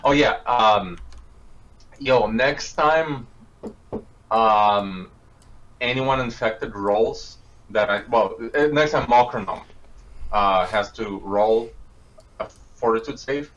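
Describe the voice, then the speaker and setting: Low-voiced player on a dull mic. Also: male voice, fairly bright tone. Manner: halting, loses his train of thought. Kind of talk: casual chat.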